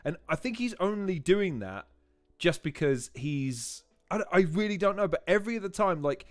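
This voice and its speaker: A man's voice: high-pitched, very animated, normal speed, no room sound, clean studio sound. A man hosting a livestream, chatting and laughing as he reacts to battle rap clips and repeats lines for effect. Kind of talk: casual livestream commentary.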